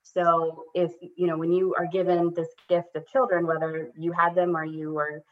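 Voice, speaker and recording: A woman's voice: fairly low pitch, normal speed. Candid woman telling a family story. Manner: candid, self-deprecating, animated when quoting her kids. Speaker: guest. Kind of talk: casual conversational storytelling. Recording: dull lo-fi audio.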